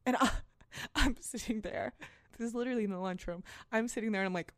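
A woman in her twenties hosting a podcast, telling a story in a casual, animated, self-mocking way with plenty of swearing. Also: fairly high pitch, quick pace, dry recording, studio quality. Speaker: podcast host.

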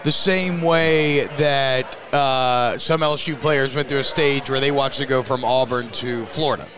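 Brash joking co-host over crowd noise. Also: male voice, medium pitch, fairly even intonation, a little slow. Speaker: sports show co-host, former player. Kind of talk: casual sports talk. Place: restaurant.

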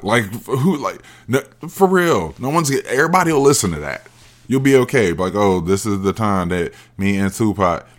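A man hosting his own podcast, talking alone in a casual, profane and emphatic rant. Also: mid-range voice. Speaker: podcast host.

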